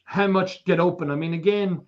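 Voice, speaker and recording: A man's voice: high voice, steady tone, a little fast, muffled recording. A man with an Irish accent hosting a charity auction livestream, joking and teasing his guest while reading out viewer comments. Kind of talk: casual livestream banter.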